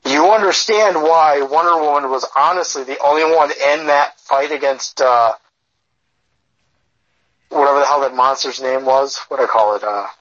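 A man's voice: a little high, normal speed, fairly bright tone. A man co-hosting a live podcast, chatting casually in a crude, joking, opinionated way. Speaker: podcast co-host. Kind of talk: casual chat. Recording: dull lo-fi sound.

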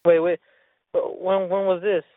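A man's voice: high-pitched, flat delivery, unhurried, no echo. A man telling a rambling story in casual chat, with lots of profanity and restarts. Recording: tinny phone-line sound.

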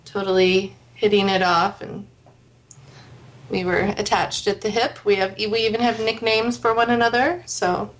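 A woman's voice: mid-range voice, little pitch movement, moderate pace. A woman in her thirties from the United States, a podcast guest chatting and telling stories. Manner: chatty, storytelling. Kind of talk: casual chat.

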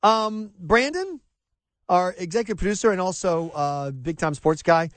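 A man hosting a talk radio show, excitable and exasperated, stammering and restarting as he talks in a studio. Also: on the high side, a little fast, dry recording.

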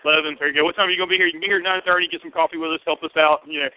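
A man with a Southern US accent preaching a sermon to his church, lively and joking in a conversational way. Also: fairly high pitch, rapid-fire, dry recording. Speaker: pastor. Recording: tinny, phone-like and dry.

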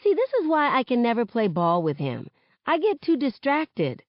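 Woman narrator, novel reading, slow pace, animated pitch, dull lo-fi recording. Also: no room sound. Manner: expressive first-person narration. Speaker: reader of a novel. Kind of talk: audiobook-style novel reading.

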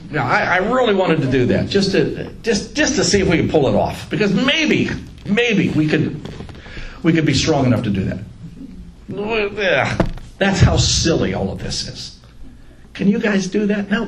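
A man leads a casual Bible study, joking with his group. His voice sits a little high and swings widely in pitch. The room is echoey, with a faint hum of ambience behind him. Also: moderate pace. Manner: joking, animated, laughs at own lines.

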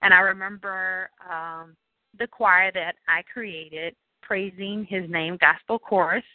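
In an interview, a woman from New Orleans, USA, animatedly tells a childhood story at a slow pace, her voice fairly low. She slips into other people's voices, acting out quoted people in raised tones. The sound is dry and tinny like a phone line, with no echo.

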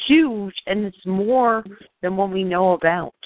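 A woman's voice: mid-range voice, measured pace, dry recording. A woman calling in to a group phone chat, apologetic and often trailing off mid-sentence. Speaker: caller. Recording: tinny phone line, dry.

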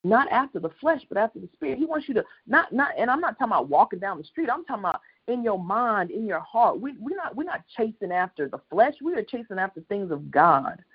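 A preacher giving an impassioned, repetitive sermon on a prayer line, building to loud peaks. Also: medium pitch, very animated, fast, few pauses, husky, muffled recording.

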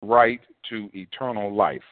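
A man's voice: on the low side, measured pace, slight background noise. Man preaching a sermon over a tinny line. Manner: conversational, animated storytelling with acted quotes. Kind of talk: storytelling sermon. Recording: dry, tinny phone-like sound.

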